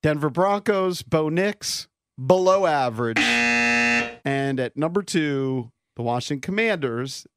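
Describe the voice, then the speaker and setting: A man's voice: mid-range voice, expressive, slow, fairly bright tone, clear, resonant tone. A male co-host on sports talk radio, reading out grades in a list-like way. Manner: reads stats in a list-like delivery.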